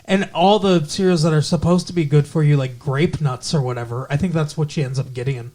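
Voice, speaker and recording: A man's voice: fairly high pitch, a little fast, dark tone. Rambling male podcast co-host. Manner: rambling, self-correcting, puts on character voices. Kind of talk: casual chat recapping a TV show.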